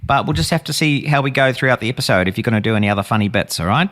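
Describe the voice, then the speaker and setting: Bright-voiced rambling male podcast host. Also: medium pitch, animated. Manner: meandering, slows for comic effect. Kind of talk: casual comedy chat.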